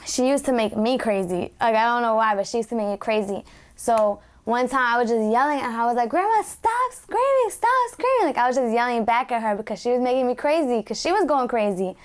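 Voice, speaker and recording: Young woman, emotional story, smooth clear voice, slightly high. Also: fast. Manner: emotional storytelling, many fillers.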